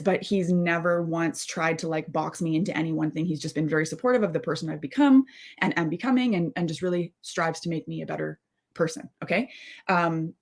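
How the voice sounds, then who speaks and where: A woman in her thirties giving a candid live-stream monologue as a mindset coach, rambling and heartfelt, with many asides and restarts. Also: fairly low pitch. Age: 30s. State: close to tears.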